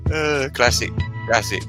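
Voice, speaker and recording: Crude ranting man. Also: mid-range voice. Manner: crude, profane, rambling and mocking. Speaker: channel host. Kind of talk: ranting casual monologue.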